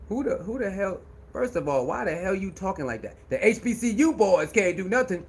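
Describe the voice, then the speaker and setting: A man giving an animated sports rant, loud and laughing, with heavy slang and repetition. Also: high-pitched, brisk. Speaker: sports commentator.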